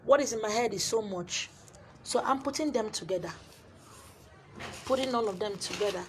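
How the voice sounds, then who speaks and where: A Nigerian woman, a spiritual teacher, preaching to camera and selling her handouts, emphatic, repeating phrases, swinging from loud to hushed. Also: mid-range voice, normal speed, faint music behind.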